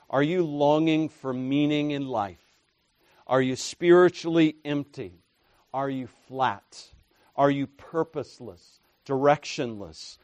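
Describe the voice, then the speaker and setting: A man preaching a sermon, dropping to quiet murmurs and rising to loud proclamations, with rhetorical questions and repeated refrains. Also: mid-range voice, dry recording.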